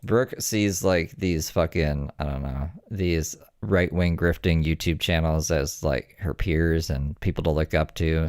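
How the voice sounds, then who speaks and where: A man's voice: low voice, animated, measured pace, no room sound, clean studio sound. A man giving casual, sarcastic and profane reaction commentary.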